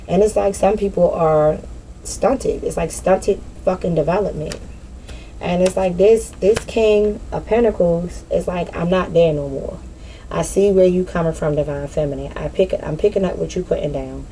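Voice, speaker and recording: A woman's voice: on the low side, normal speed, warm tone, a little hiss or hum, low-quality recording. A woman giving a casual, unscripted spiritual monologue outdoors, blunt and profane with streetwise slang. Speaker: spiritual vlogger. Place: outdoors in nature.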